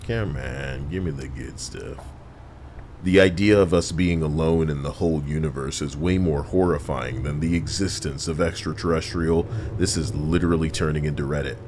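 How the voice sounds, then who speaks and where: A man's voice: very deep voice, steady tone, fairly quick, hardly any pauses, background noise. A man streaming, chatting casually in a joking, rambling, sarcastic way.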